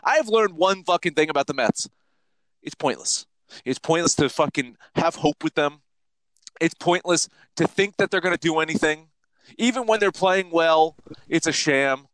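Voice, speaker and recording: A man's voice: fairly high pitch, moderate pace, dry recording, low-quality recording. A man co-hosting a casual sports podcast, ranting and swearing a lot. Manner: profane, ranting, animated. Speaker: podcast co-host.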